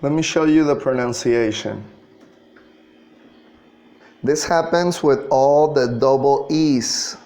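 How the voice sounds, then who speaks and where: A man's voice: medium pitch, slow, long pauses, dark tone. A man teaching an English class, patiently drilling pronunciation and spelling words out letter by letter. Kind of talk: classroom lesson.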